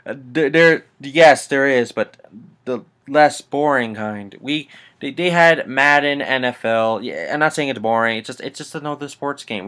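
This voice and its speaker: A man's voice: mid-range voice, fairly bright tone, clean tone. A man hosting a casual gaming news vlog, rambling and swearing through annoyed asides. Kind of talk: casual rant to camera.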